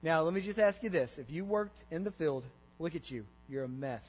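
The pastor's voice is a little high, animated, and a little fast as he preaches interactively, continually quizzing the congregation and checking in with "okay?" and "all right?". The church sanctuary recording is dull and echoey, with mains hum.

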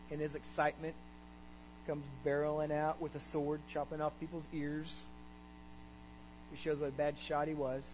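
A Texan man preaches from the pulpit, his voice sitting high for a man. He tells the scripture story with animation, acting out the characters' lines. The recording is dull and lo-fi, with a faint mains hum underneath. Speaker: pastor. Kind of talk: sermon. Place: church.

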